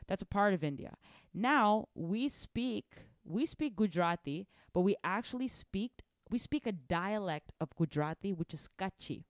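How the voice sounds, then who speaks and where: A young woman giving a casual drum lesson, animated and rambling, often restarting her sentences. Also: mid-range voice, normal speed, no room sound, clean studio sound. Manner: animated, rambling, self-correcting. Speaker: drum teacher.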